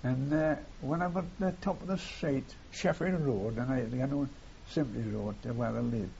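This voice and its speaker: Older man telling war memories, gravelly, rambling, muffled old tape. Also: medium pitch, normal speed, warm tone. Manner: rambling, repeats phrases, tags lines with "see". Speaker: war veteran interviewee. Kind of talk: oral history reminiscence. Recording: dull lo-fi tape with faint hiss.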